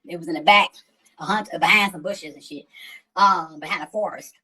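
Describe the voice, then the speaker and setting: A woman's voice: fairly low pitch, moderate pace, pushed and bright, husky, rough recording. A woman who hosts a livestream, telling a story in casual, profane, slang-heavy chat. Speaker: livestream host.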